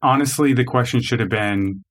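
A man co-hosting a podcast, giving his opinions in casual chat, measured and hedging with "I mean.". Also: medium pitch, fairly bright tone. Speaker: podcast co-host.

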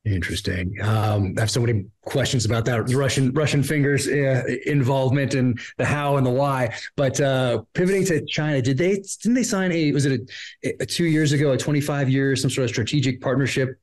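A man hosting a podcast, asking halting questions full of fillers and restarts. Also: mid-range voice, a little mellow. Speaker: podcast host. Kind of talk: interview questions.

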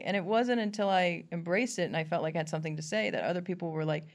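A woman's voice: fairly low pitch, fast, gravelly. A woman comedian in an interview, talking casually and animatedly, laughing often and acting out what people said. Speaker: comedian guest.

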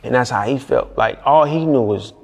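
A man's voice: medium pitch, normal speed, gravelly, breathy edge, in a large hall. A man from Detroit, a music video director telling stories in a casual interview, laid-back and slangy. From Detroit, USA. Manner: laid-back, slangy, lots of fillers and laughs.

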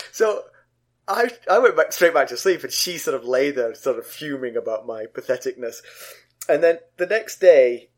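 A middle-aged man co-hosting a podcast, with a lively voice that swoops widely in pitch. He tells funny stories with bursts of laughter and sudden high-pitched yelps. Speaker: podcast co-host. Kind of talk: casual chat and animated storytelling.

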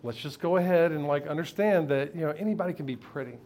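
On a live stage before an audience, an American man tells a candid, profane personal story, often laughing along with the crowd. His voice is a little high and a little mellow, and he talks fast.

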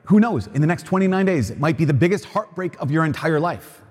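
A man's voice: on the high side, lively intonation, quick pace, darkish tone, slightly rough. A man giving a homily at Mass, earnest and conversational, often repeating himself as he builds a point. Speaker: priest. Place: cathedral. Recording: long reverb of a large church.

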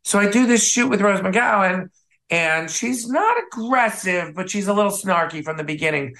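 His voice sits high and his pace is moderate. The speaker, a Midwest photographer and author appearing as an interview guest, tells stories casually and animatedly, acting out quoted voices.

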